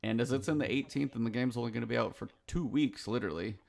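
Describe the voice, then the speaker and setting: A man hosting a casual gaming podcast, with a gravelly, creaky edge to his voice. He is chatty and excitable, and now and then acts out a player's quick reactions. His pitch sits right in the middle for a man. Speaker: podcast host. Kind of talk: casual chat.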